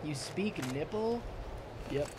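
A young man giving goofy, rambling let's-play commentary, cracking jokes and sometimes breaking into squeaky outbursts. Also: expressive, slow pace. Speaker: gameplay commentator. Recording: noisy home recording.

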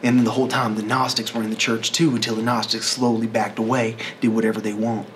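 A man's voice: lowish voice, flat delivery, fast talker, slight background noise. Rambling, profane man in a monologue. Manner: profane, rambling, self-correcting.

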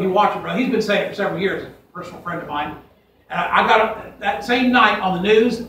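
A man delivers an emphatic, folksy sermon, his voice sitting high and bright. He is picked up from a distance in a church sanctuary with heavy echo and a faint hiss underneath. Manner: folksy, emphatic preaching with scripture quotes. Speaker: pastor. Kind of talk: fiery sermon.

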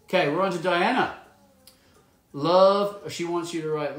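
A man's voice: high-pitched, a little slow, long pauses, fairly bright tone. Playful man in a roomy echo. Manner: playful, jokey, reads fan messages aloud. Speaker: actor signing autographs for fans. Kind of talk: casual live signing chat.

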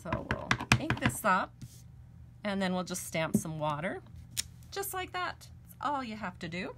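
A woman's voice: mid-range voice, very animated, normal speed, heavy background noise. A woman hosting a live stamping and card-making demonstration at her crafting table. She talks in a chatty way and gushes over her work.

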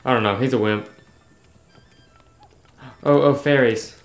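A man's voice: mid-range voice, fairly even intonation, takes it slowly, echoey room. A man giving casual let's-play commentary, reading game text aloud between chatty remarks. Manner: reads on-screen text aloud, chatty asides. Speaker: gaming YouTuber.

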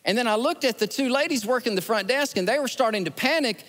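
Animated preacher in a reverberant church. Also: male voice, very high voice, quick pace. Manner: animated storytelling, acts out scenes with rising excitement. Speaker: pastor. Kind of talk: sermon. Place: large church sanctuary. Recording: long church hall reverb.

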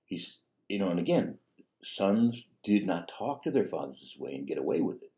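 With a low, mellow voice that is very animated and moves at a normal speed, this priest talks through a parable like a conversation. He asks rhetorical questions, drifts into asides, and keeps saying "you know" and "see?".

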